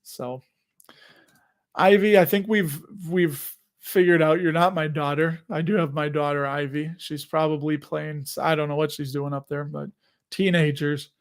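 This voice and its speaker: A man's voice: on the high side, steady tone, unhurried. A man in his forties hosting a live investing stream, chatting casually, rambling and laughing at himself. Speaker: host of a live investing show.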